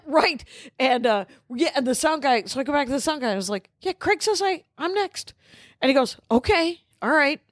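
A woman's voice: high voice, lively intonation, a little fast, dry recording. Woman, podcast co-host, rambling anecdote, acts out quotes, dry close mic. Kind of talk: casual storytelling chat.

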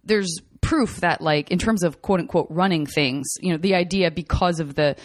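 Woman, podcast host, lowish voice, earnest and animated. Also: moderate pace, no echo, studio quality. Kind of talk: casual chat.

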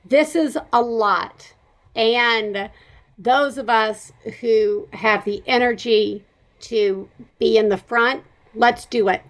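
A woman with a Southern American accent hosting a podcast, talking in a chatty, animated way with frequent laughs. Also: on the high side, slow pace. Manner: chatty, animated, laughs often, rambling asides. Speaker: podcast host. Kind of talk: casual chat.

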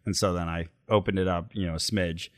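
Brief: male podcast co-host, very low voice, dry close sound, easygoing and chatty. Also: brisk, no echo. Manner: relaxed, rambling storytelling with many fillers. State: recovering from illness. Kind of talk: casual chat.

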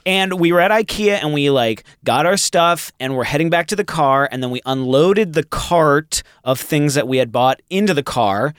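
A man tells a comic anecdote, hesitating often between lively, swinging phrases. His voice is a little high. The recording is dry and close. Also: normal speed, few pauses, smooth, dry recording. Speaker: panelist. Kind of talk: casual comedic storytelling.

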